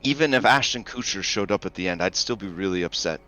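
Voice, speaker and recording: A man with a low but bright, forceful voice narrates a tabletop horror game. He describes scenes plainly and shifts easily into banter, with faint music playing behind him. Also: expressive, quick pace. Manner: descriptive, slips into character voices. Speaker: game master.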